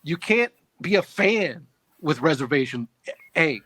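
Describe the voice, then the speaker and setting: A man's voice: on the high side, animated, measured pace, fairly bright tone, slightly rough. A middle-aged man co-hosting a casual sports chat, earnest, often restarting his sentences. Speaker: sports show co-host.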